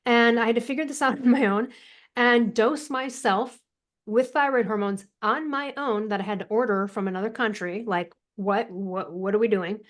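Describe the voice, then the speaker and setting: A woman guest on a podcast interview, talking in an animated, emphatic way and laughing often. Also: fairly high pitch, moderate pace. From United States. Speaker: author and thyroid coach, guest.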